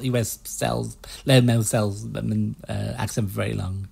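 A man hosting a casual let's play, chatting in a relaxed, self-mocking way as he plays. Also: fairly low pitch, moderate pace, vocal fry, few pauses, husky. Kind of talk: casual game commentary.

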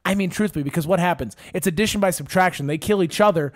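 A man rants through a casual podcast story, swearing and snapping into mock-angry outbursts. His voice sits high for a man. The recording is dry, with no room sound. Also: quick pace, no echo. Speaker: podcast host.

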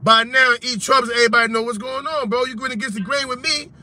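Man host, high bright voice, confrontational, talks over others, noisy car. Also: steady tone, fast. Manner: confrontational, repeats himself to interrupt. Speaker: show host. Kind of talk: heated phone argument.

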